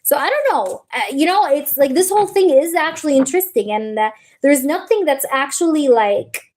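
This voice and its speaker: A woman with a high voice hosts a live tarot stream, chatting loosely with her viewers. She rambles through fillers and half-finished thoughts. Her talk turns emotional and teary. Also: expressive, normal speed, darkish tone. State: teary, tearing up. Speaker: tarot reader on a livestream.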